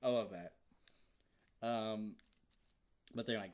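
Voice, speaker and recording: Excited, rambling young man recapping. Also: fairly low pitch, measured pace, pauses often. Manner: excited, rambling, swears a lot, bursts into loud shouts. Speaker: vlogger. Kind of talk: casual episode recap.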